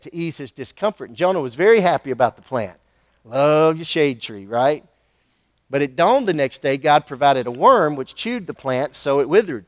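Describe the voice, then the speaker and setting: A man preaching a sermon, retelling scripture with animated, conversational asides and questions to his listeners. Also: a little high, no room sound, studio quality.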